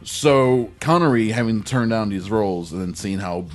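A man's voice: on the low side, moderate pace. Casual jokey guy riffing on a podcast, voice swoops all over, faint music bed. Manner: animated, jokey, slips into mock impressions. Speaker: podcast co-host. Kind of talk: casual chat.

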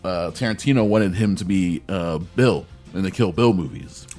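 A man's voice: low-pitched, normal speed, faint music behind. A man co-hosting a podcast, chatting casually and jokily, slipping into mock impressions. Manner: animated, jokey, slips into mock impressions. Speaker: podcast co-host. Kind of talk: casual chat.

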